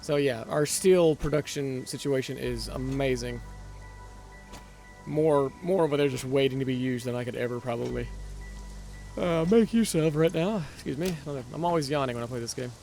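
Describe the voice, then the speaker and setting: A man's voice: medium pitch, steady tone, fairly quick, gravelly, a little mellow, faint music behind. A man casually commentating his own gameplay, rambling, correcting himself and muttering as he plays. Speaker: gaming channel host. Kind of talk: casual let's-play commentary.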